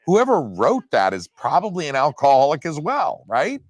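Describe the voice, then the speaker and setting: Male co-host for a home film commentary track, expressive, swearing, sarcastic, dry close sound. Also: a little high, normal speed, no room sound. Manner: profane, animated, sarcastic. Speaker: podcast co-host. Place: home, recorded apart from co-host.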